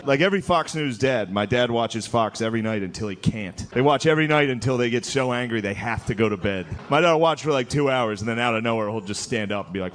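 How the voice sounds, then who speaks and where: A man in his thirties doing a stand-up comedy set, mostly deadpan but breaking into loud mocking voices. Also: medium pitch. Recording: live club set with audience laughter, background noise.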